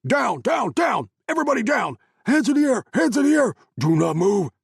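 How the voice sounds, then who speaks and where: A man's voice: a little high, quick pace, vocal fry, breathy edge, dry recording, studio quality, voice pushed up. A man voicing an angry special forces team leader who barks orders and questions. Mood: shouting. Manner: barking orders, shouting.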